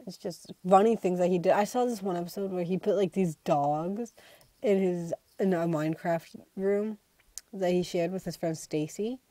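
Teen girl vlogger, rambling and chatty, mellow tone, dry close home-mic sound. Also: fairly low pitch, normal speed, no room sound. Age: teens. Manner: chatty, rambling, quotes friends in animated voices. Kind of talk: casual rambling vlog.

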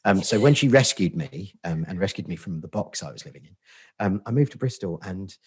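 A man's voice: deep voice, expressive, a little fast, slightly rough. A middle-aged man with a Portsmouth accent, a podcast guest talking casually in a sweary, self-deprecating, joking way. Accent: Portsmouth English. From Portsmouth, England. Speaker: podcast guest, agency founder. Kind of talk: casual interview chat.

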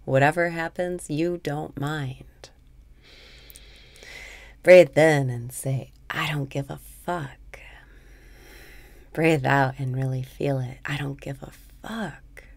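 A woman with a very deep voice guides a meditation at a slow, unhurried pace. Her tone is soothing, and a gravelly, creaky texture runs through her words. Now and then she sinks into a soft whisper. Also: fairly even intonation, no room sound.

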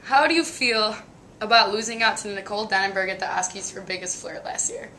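A young woman hosting a college sports webcast, asking questions with joking, quick comebacks. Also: medium pitch, pushed and bright, a little hiss or hum. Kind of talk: playful host interview.

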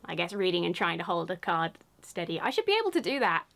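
A woman's voice: fairly low pitch, big pitch swings, quick pace, vocal fry, a bit bright. A woman hosting a casual card-opening video indoors. She gushes and giggles, and she reads the flavour text in a whisper. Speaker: video host opening trading cards. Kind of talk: casual chat, reading card text aloud.

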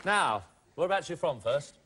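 High, lively teasing game show host. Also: male voice, moderate pace, over a noisy crowd, very noisy. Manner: teasing, laughing, repeats contestants' words. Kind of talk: playful studio banter. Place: TV studio with live audience. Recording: loud studio audience behind.

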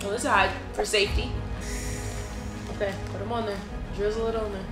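A woman's voice: mid-range voice, level tone, brisk. A young woman chatting casually on a vlog, playful and teasing as she hypes up her friend. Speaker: vlogger. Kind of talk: casual chat. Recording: echoey room with music behind.

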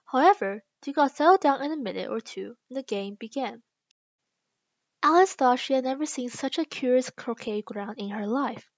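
Woman reader, careful and slow; dry, lo-fi home recording. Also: high voice, no echo. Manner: slow, careful reading with small restarts. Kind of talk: reading a children's book aloud.

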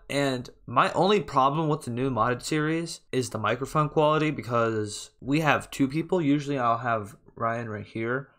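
A man's voice: mid-range voice, a bit bright. A young man casually talking over a reaction video of himself, chatty and laughing at himself often.

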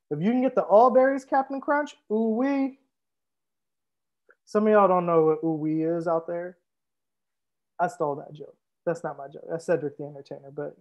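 Joking young sommelier on a livestream. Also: male voice, a little high, muffled recording. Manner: relaxed, joking, reads viewer comments aloud. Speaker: sommelier hosting a live wine tasting. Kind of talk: casual livestream chat.

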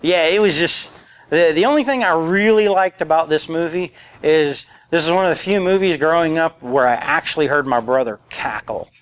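A man's voice: on the high side, normal speed, smooth. Joking man giving a conference talk. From rural area. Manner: casual, joking, quotes movie lines. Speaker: conference speaker. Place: conference room.

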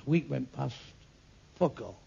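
Gravelly older man, crude comic. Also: medium pitch, unhurried. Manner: crude, swearing, deadpan punchlines. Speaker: stand-up comedian. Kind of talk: stand-up comedy. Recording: muffled lo-fi with faint hiss.

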